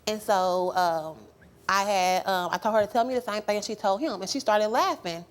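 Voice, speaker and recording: A woman's voice: mid-range voice, normal speed. A young woman who is a guest on a talk show, telling her story in a rambling, hesitant way with many fillers. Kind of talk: emotional talk show testimony.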